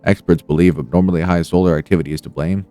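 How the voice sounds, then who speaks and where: An emergency news broadcaster, read by a man delivers bulletins briskly in a deep, mellow voice. Faint music plays behind. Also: fairly even intonation, clean tone, dry recording, lightly acted.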